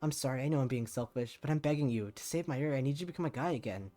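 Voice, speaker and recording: A man's voice: medium pitch, very fast, warm tone, faint music behind. Man casually reading a visual novel. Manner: casual reading with swearing asides. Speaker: streamer.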